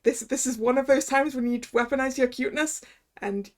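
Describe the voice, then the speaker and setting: A chatty woman streamer commenting on a game, giggling often and correcting herself mid-sentence. Her voice sits high. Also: fast. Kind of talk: let's-play commentary.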